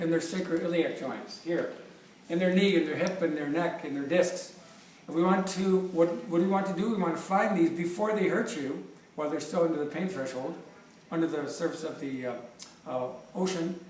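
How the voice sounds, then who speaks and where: Man in his fifties, chiropractor, upbeat and jokey, stumbling restarts, fairly high voice, echoey room, distant mic. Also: slight background noise. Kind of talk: informal presentation with props.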